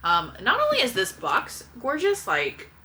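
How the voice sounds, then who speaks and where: Bright-voiced chatty woman in her late twenties. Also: fairly high pitch, huge pitch swings, measured pace, a little hiss or hum. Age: late 20s. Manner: chatty, gushing, self-correcting. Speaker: book vlogger. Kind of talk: casual chat to camera.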